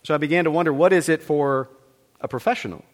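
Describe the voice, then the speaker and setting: Male preacher, high tenor, fervent delivery, shifts to calm talk for illustrations. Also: fast talker. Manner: preaching with rising fervor, acting out quoted exchanges; drops to a quiet, conversational tone for illustrations. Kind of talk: sermon.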